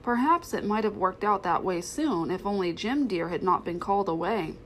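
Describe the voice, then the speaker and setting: A woman reading a children's storybook aloud, gentle and expressive. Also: medium pitch, normal speed, slight background noise. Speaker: storybook reader. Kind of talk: storybook read-aloud narration.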